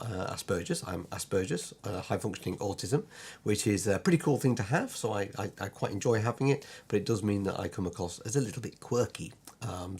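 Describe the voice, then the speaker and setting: A man's voice: on the low side, a little mellow, husky. A British man from Lancashire introducing his illustration course to camera from his drawing room at home, rambling and sidetracked with many ums and restarts. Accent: British English. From Lancashire, England. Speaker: illustrator and online course teacher.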